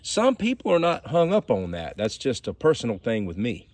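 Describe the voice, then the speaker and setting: A man's voice: medium pitch, wildly swooping pitch, normal speed, a little mellow, no room sound. A man with a Southern US accent, talking casually and directly to his viewers as he reviews a knife. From Southern United States. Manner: folksy and chatty, addresses viewers directly. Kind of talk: casual product review vlog.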